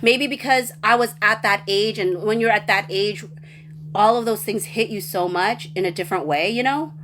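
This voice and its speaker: A woman hosting a livestream, reading viewer comments and rambling excitedly with many restarts. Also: fairly high pitch, slight background noise. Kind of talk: casual chat.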